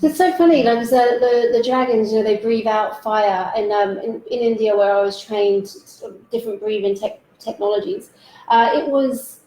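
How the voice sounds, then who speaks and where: Chatty higher-voiced female host. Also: moderate pace, dark tone, slight background noise. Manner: chatty, playful, frequent "like" and "you know". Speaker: stand-in host. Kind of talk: casual conversation. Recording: echoey room with faint ambience.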